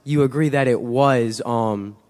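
A man in the audience asking a question hesitantly, full of pauses, his voice partly gone. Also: mid-range voice, a little mellow. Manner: hesitant, many fillers. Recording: reverberant hall mic.

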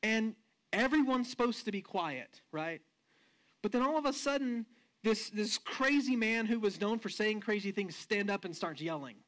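A male pastor delivers a sermon in an animated storytelling manner and keeps asking his listeners questions. He stretches some phrases slowly and rushes others to stress a point. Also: high voice. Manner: slows down and speeds up for emphasis.

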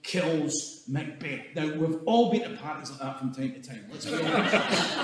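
A man's voice: high voice, lively intonation, moderate pace, crowd noise. A Scottish man giving an irreverent comic history talk, swearing and chuckling through his asides. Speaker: storyteller. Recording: echoey hall from far off.

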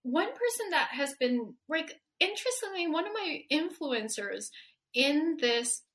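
This is a woman in her forties chatting as a guest about her work as a healer. Her voice sits a little high and sounds bright and clear. She talks in an animated way, laughs easily and slips into little voices when quoting people. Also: a little slow. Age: 40s. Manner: animated, laughs often, acts out quoted dialogue. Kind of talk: casual interview conversation.

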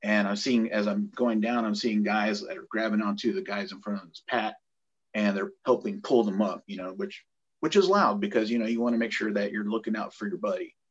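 A middle-aged man, a former corpsman, telling a story from his training in a casual, animated way, and acting out the voices of the people in it. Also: lowish voice, fairly quick, husky, dull audio. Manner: animated, acts out quoted voices. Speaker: guest, former Navy corpsman.

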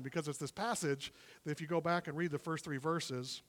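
A man preaching a sermon as a guest preacher, retelling the passage in an animated, conversational way with quoted dialogue. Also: on the high side, a little fast, long reverb tail. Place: church service in a warm room.

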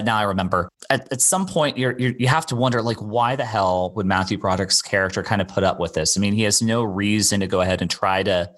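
Casual podcast co-host, male, lowish voice, rambling and hesitant delivery. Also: a bit bright. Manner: rambling, hesitant, many fillers and restarts. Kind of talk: casual film-discussion chat.

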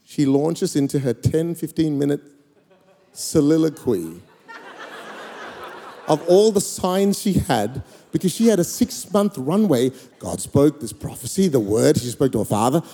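A man preaching to his congregation, spinning a funny personal story with lively swings of energy and loud, excited bursts. His voice is fairly high for a man yet mellow and dark in tone. The sound rings out in a large church hall with a long reverb tail. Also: measured pace. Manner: animated, comic storytelling with sudden loud peaks. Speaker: pastor. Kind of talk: storytelling sermon.

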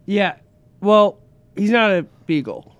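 A man's voice: high voice, sing-song, takes it slowly, smooth, no echo. A man chatting as a podcast guest in a studio, laid-back and rambling, often trailing off mid-thought. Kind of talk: casual chat.

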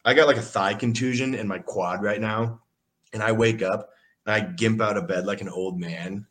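A young man, a college football player, telling animated, profane stories with lots of fillers in a casual interview. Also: on the low side, normal speed. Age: young adult. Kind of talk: casual storytelling.

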